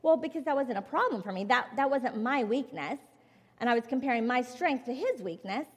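A middle-aged woman with a fairly high voice gives a candid, confessional testimony from the stage. She talks with emphatic, heartfelt directness, and her words ring out with a long hall reverb behind them. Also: expressive, fairly quick, slightly rough. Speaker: conference speaker. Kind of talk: personal testimony sermon.

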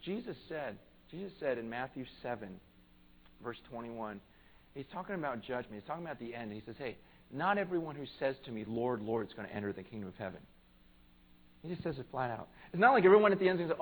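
A pastor preaching a conversational sermon in church, earnest and plain-spoken, swelling to emphatic peaks. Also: male voice, mid-range voice, sing-song, quick pace, a little hiss or hum, low-quality recording.

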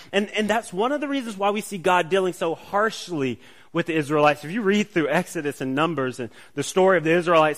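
A man with a slightly high voice delivers a sermon in a relaxed, conversational manner. He keeps checking in with his listeners by asking "right?", restarts his phrases, and moves between quiet reflection and emphatic points. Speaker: preacher.

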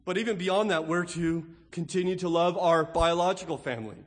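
A man's voice: high voice, a little fast. Emphatic pastor, man, echoing hall. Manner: emphatic, rhetorical, with repeated "right?". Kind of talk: sermon. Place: church sanctuary. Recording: long hall reverb.

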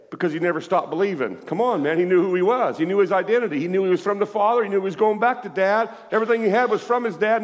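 A man preaching a sermon in a lively way, calling out to his congregation as he reads and explains scripture. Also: sits high. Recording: echoey hall with long reverb.

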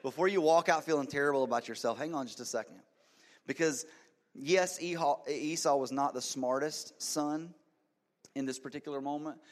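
A pastor in his thirties preaches to his congregation in church, with a mid-range male voice. He tells stories with animated energy, dropping to near-whispers and then rising to emphatic, loud punches. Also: mid-range voice. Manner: animated storytelling, swings from hushed to loud. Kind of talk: sermon.

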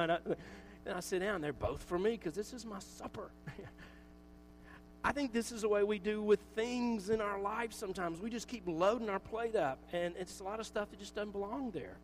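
A man's voice: high voice, a little hiss or hum, rough recording. A pastor preaching a casual, conversational sermon, joking at his own expense and acting out little asides. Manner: conversational, self-mocking, with acted asides.

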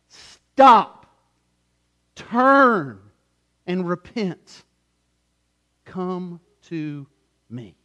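A man preaching a sermon as pastor, swinging from loud urgency to hushed softness and telling stories in a conversational way with frequent restarts. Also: medium pitch. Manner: conversational storytelling with repeated restarts.

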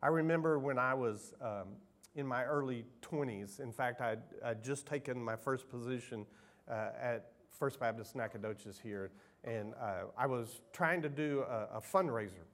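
A man's voice: medium pitch, moderate pace. A middle-aged man, preaching a sermon as pastor in an emotional, conversational storytelling way.

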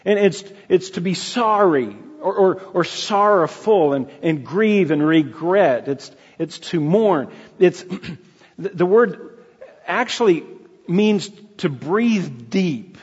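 A man preaching a sermon in an earnest, halting way, often restarting his sentences. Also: high-pitched, lively intonation, breathy edge. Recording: dull lo-fi sound in a reverberant hall.

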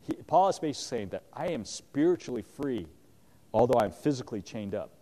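A man teaching a Bible passage, reading verses aloud and explaining them in a relaxed, conversational way with frequent fillers. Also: medium pitch, brisk. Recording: long hall reverb.

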